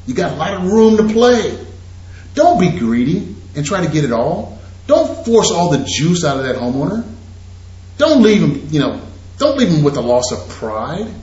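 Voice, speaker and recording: A man giving an energetic real estate investing seminar, talking straight to his audience. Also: fairly high pitch. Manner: animated, preachy, addresses audience directly. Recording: echoey lo-fi room recording.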